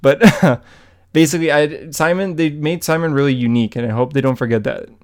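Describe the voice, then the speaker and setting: A man's voice: fairly high pitch, fairly quick. A man co-hosting a casual comic book podcast, talking eagerly and rambling with many likes. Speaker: podcast co-host.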